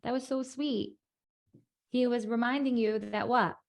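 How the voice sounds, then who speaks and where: A woman's voice: on the high side, fairly even intonation, measured pace, vocal fry. Playful woman teacher on a video call. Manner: playful, encouraging, chatty. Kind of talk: casual group chat with children.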